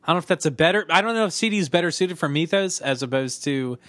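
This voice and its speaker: A man co-hosting a podcast, chatting casually and reading listener emails in an animated, joking way. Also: on the high side, fast talker, dry recording. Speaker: podcast co-host.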